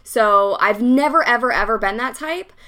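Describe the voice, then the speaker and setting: A young woman talks through a personal story in a casual interview, blunt and unfiltered. Her voice is bright and forward, and she swears freely and speaks without hedging. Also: a little high, lively intonation, moderate pace. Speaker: interview guest.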